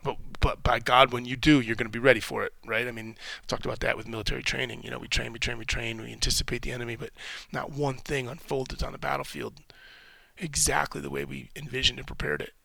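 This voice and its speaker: A man's voice: mid-range voice, flat delivery, fast, gravelly, pushed and bright, no echo. A man hosting a podcast, a military veteran, talking in a rambling, candid, reflective way and cursing casually. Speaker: podcast host.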